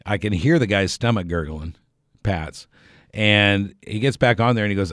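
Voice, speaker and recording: Deep-voiced middle-aged man spinning a yarn. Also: lively intonation, normal speed, no room sound, clean studio sound. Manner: rambling, self-correcting, chuckles while telling. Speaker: storyteller on a radio program. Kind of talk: casual anecdotal storytelling.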